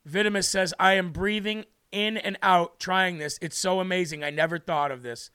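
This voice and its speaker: A man's voice: sits high, pushed and bright, clear, resonant tone. A man hosting a livestream who preaches fervently and emphatically, repeating words for stress, and is moved to tears. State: tearful, moved. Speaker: livestream host.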